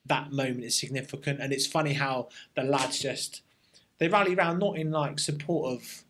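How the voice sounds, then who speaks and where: Army veteran, reflective storyteller. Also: male voice, medium pitch, steady tone, a bit bright, slight background noise. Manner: reflective, army slang, halting restarts. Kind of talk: casual interview storytelling.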